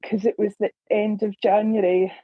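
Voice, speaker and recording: A woman's voice: mid-range voice, level tone, normal speed, no echo, phone-quality sound. A woman in her forties from Scotland talking candidly on a podcast, holding back emotion and swearing. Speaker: community member. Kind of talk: casual podcast introduction.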